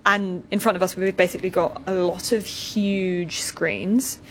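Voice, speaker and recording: A woman's voice: on the low side, fairly even intonation, a bit bright, a little hiss or hum, rough recording. A woman reporter on location, curious and chatty, asking questions as she is shown around. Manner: curious, chatty, quick asides.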